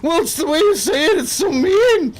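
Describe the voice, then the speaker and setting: A man putting on a high, whining voice of a thin-skinned male viewer complaining about being insulted on stream. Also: animated, normal speed. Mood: whiny hurt.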